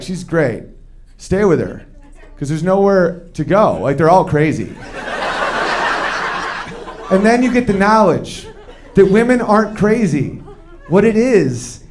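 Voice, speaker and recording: On a club stage with a handheld mic, a man performs stand-up in a fairly high voice, telling stories with lively, animated energy. He keeps switching quickly into acted-out quotes of men and women while the audience laughs along.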